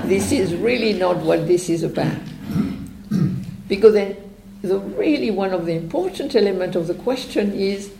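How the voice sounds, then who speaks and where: A woman explains a meditation method in a calm, reflective way, taking her time over each phrase. Her voice is mellow and slightly gravelly. She is recorded in an echoey room with a faint hum behind her. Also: fairly low pitch. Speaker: meditation teacher. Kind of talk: slow meditation teaching.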